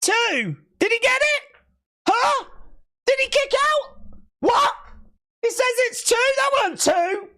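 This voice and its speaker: A host giving live reaction commentary on a wrestling event, chatty with asides to viewers and bursting into shouts at big moments. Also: very high voice, very animated, takes it slowly, long pauses. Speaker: watch-along stream host.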